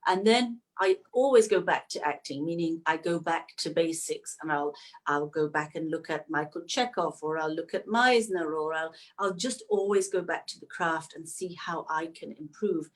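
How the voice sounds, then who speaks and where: Lively actress, middle-aged. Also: female voice, normal speed. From Manchester, England. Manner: lively, laughs often, pitch leaps up when excited. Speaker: actress, guest. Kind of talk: casual interview chat.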